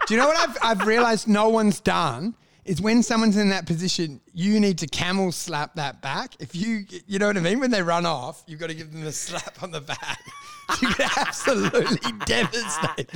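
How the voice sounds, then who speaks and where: An excitable, sweary man who is a comedian co-hosting a podcast in casual chat. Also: sits high, creaky, a crowd in the background. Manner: excitable, sweary, quick to laugh.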